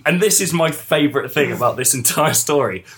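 A man's voice: fairly high pitch, expressive, a little fast, noisy background. Laughing man telling a story. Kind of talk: casual storytelling among friends.

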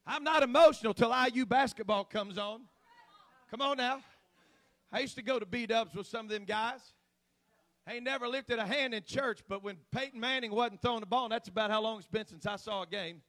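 Preacher guy, real high bright voice, goes from low chatty to full-on shouting in church. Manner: swings from low conversational talk to shouted, drawn-out exhortation. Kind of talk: sermon.

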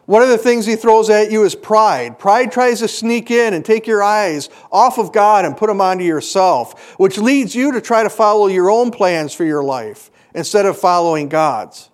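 A man's voice: sits high, expressive, normal speed, hardly any pauses. A middle-aged man preaching a sermon to a congregation, earnest and full of rhetorical questions.

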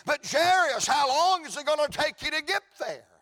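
A man voicing a curious passerby who keeps asking questions in a high, insistent voice. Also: expressive, moderate pace, bright, forceful tone, no room sound, heavily acted. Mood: questioning. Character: curious adult male passerby, eager and questioning.

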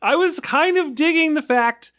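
A man's voice: very high-pitched, normal speed, a bit bright. A man on a film podcast who rants in a casual, rambling way with frequent swearing.

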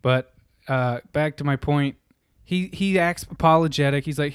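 A man's voice: on the high side, moderate pace, clear, resonant tone, no echo, clean studio sound. A young adult man telling a rambling, profane story in casual chat. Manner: rambling, profane, animated retelling.

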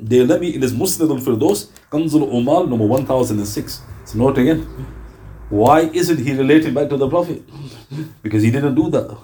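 This man's voice is mid-pitched and mellow as he teaches Islam. His lesson is emphatic, full of rhetorical questions and rapid strings of citations.

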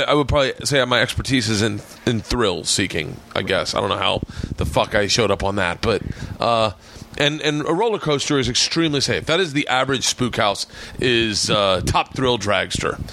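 A male podcast host with a gravelly, fry-edged voice, chatting casually from a home studio. He jokes and laughs his way through asides, and his pitch sits in the middle range. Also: moderate pace, pushed and bright, slight background noise. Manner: jokey, laughs often, pop-culture asides. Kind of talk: casual chat. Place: home man cave studio.

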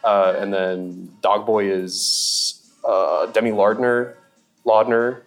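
Young male comedy guest, fairly low voice, rambling and animated, casual podcast chat. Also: slow, faint music behind. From Seattle. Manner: rambling, animated, lots of fillers and laughs.

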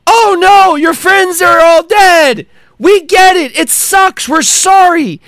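High-voiced ranting podcast man. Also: expressive, slow pace, no room sound, studio quality. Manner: profane, heated, shouting outbursts. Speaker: podcast host. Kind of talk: angry solo podcast rant.

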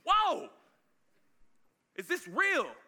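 Giddy disciples pleading with their returned master, as a preacher acts them out, their voices jumping high and loud in breathless exclamations. The sound is bright and forceful, with a lively, bouncing pitch. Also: male voice, slow, exaggerated voice. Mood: astonished. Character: overjoyed disciples of Jesus, men, giddy and pleading.

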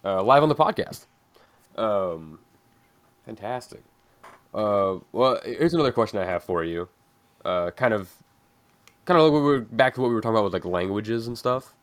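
A man with a lowish voice, host of a laid-back podcast chat. He talks loosely and piles up "like" fillers as he goes. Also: lively intonation, normal speed, pauses often. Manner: loose, filler-heavy talk with many "like"s.

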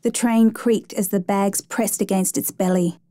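Warm and mellow, this woman's medium-pitched voice narrates a real-life rescue at a steady, measured pace. The sound is close-miked and dry, with no room sound at all.

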